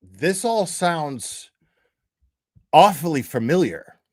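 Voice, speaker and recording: A man's voice: a little high, animated, takes it slowly, darkish tone. A man hosting a reaction commentary, mocking and profane as he talks over clips. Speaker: commentary host.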